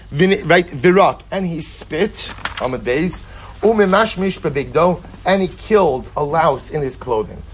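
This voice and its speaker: A man's voice: on the high side, a little hiss or hum. A man teaching a text study lesson. He reads passages aloud, explains them line by line, and asks rhetorical questions. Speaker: Talmud teacher.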